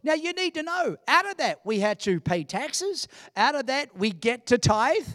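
A man in his sixties preaching a sermon in church, animated and humorous, with emphatic delivery. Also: very high-pitched, normal speed, no echo, clean studio sound. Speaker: pastor.

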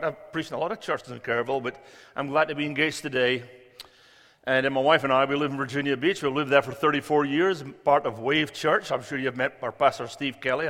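Joking man preaching in a reverberant church. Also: medium pitch. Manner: joking, storytelling, big swings in loudness. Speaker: guest preacher. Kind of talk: sermon. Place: church sanctuary. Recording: long reverb of a church hall.

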